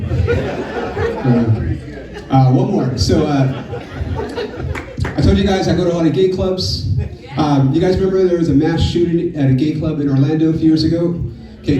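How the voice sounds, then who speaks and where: A man's voice: on the high side, normal speed. A man doing a loose, chatty stand-up set, often saying dude. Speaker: stand-up comedian. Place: live comedy club. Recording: echoey club, distant mic, audience audible. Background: crowd noise.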